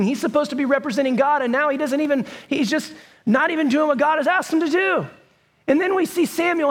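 A man preaching a sermon, telling the story in a lively, conversational way with bursts of raised voice. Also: very high voice. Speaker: pastor.

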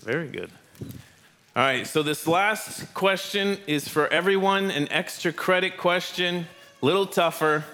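A man's voice: high-pitched, measured pace, pushed and bright. A man leading a family Bible lesson in church, praising and joking with the children. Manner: encouraging, playful with kids. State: out of breath. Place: church hall with audience.

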